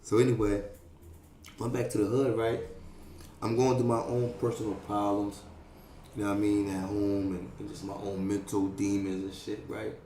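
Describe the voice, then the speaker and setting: A young man with a lowish voice tells a street story at a moderate pace in a reverberant space with slight background noise. He's casual, profane and animated, packing in sound effects and fillers like "you know what I mean".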